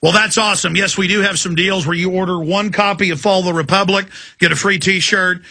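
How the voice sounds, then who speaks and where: A man's voice: sits high, fairly even intonation, fairly quick, sharp tone. A man hosting a talk radio show, ranting emphatically and taking callers. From Texas. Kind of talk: fiery talk radio monologue. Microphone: studio mic.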